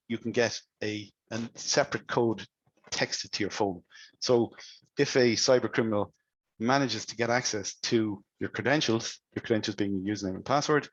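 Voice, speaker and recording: A man's voice: mid-range voice, no echo, muffled recording. A man presenting cybersecurity advice to business owners, speaking conversationally and asking many rhetorical questions.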